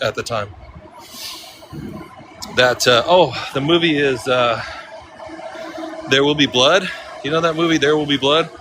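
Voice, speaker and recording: A man's voice: mid-range voice, pushed and bright, slight background noise, poor audio. A man from Central California chatting casually on a walking livestream, rambling and joking with a chuckle, out on city streets.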